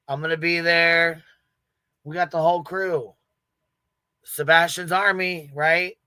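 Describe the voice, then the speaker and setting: A man's voice: on the high side, fairly even intonation, takes it slowly, bright, forceful tone, smooth, no echo. A man hosting a livestream panel in casual chat, brash and profane and laughing often.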